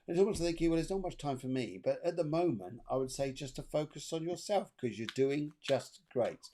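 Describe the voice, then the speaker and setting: A man's voice: expressive, brisk, dark tone, a little hiss or hum. A man hosting a live-streamed psychic reading show, chatty and upbeat as he passes on messages. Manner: chatty and upbeat, sings snatches of song in falsetto. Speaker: spiritual medium, co-host.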